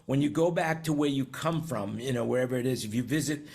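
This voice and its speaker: A man's voice: mid-range voice, quick pace, gravelly, darkish tone. An older man from New York hosting a casual panel chat on current events over a video call, rambling and chatty with many restarts. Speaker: host.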